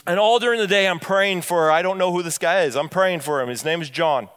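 High-voiced man preaching a sermon. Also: smooth, long reverb tail. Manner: emphatic preaching, dropping soft and low on key phrases; bursts of quick storytelling between slow, stressed lines. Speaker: pastor. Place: church.

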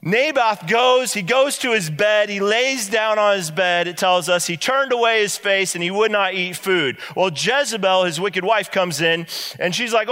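A male preacher delivers a sermon and retells a Bible story in an animated way. He voices the characters as he goes. His voice is bright and a bit raised in pitch, and it rings out with a long hall reverb. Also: unhurried.

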